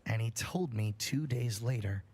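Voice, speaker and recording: A young man reading a scary story aloud on a livestream, in a profane, animated storytelling manner. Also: mid-range voice, unhurried, very noisy.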